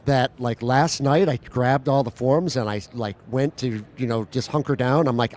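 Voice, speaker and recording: A man's voice: medium pitch, normal speed, hardly any pauses, a little mellow, a little hiss or hum. Self-deprecating male guest. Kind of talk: casual chat.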